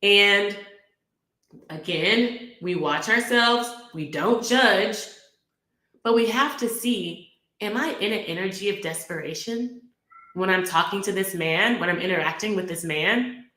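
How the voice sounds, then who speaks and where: A woman's voice: mid-range voice, unhurried, pushed and bright, reverberant. A woman hosting a relationship talk, speaking earnestly in a coaching manner and repeating her key phrases. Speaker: relationship podcast host. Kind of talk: casual talk to camera.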